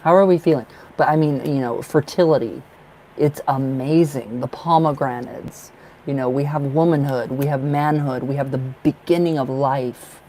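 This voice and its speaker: A man reading tarot cards on a live stream. He is excitable and emotional, and he thinks aloud in rambling bursts with many restarts. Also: mid-range voice, moderate pace, slight background noise, low-quality recording. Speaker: tarot reader.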